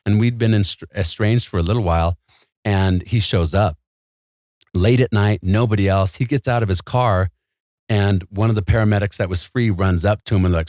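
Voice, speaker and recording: A man's voice: on the low side, normal speed, darkish tone, no room sound, clean studio sound. A man as an interview guest, telling a personal story in a casual, earnest and emphatic way, full of "like" and "man".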